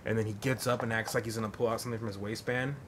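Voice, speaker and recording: A man's voice: on the low side, fairly even intonation, racing, a little hiss or hum. Rambling, profane male podcast host. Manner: rambling and profane, heavy with fillers. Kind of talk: casual storytelling.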